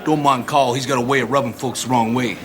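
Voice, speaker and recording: An actor playing an easygoing cowboy in a TV western who makes excuses for a friend, talking in a plain, folksy drawl. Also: male voice, mid-range voice, fairly even intonation, fast, a little hiss or hum, natural voice. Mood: apologetic.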